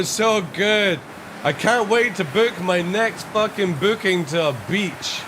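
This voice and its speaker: A man's voice: a little high, background noise. Cursing, exasperated man streaming a game. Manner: frustrated, swearing constantly, breaks into laughter. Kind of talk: live gameplay commentary.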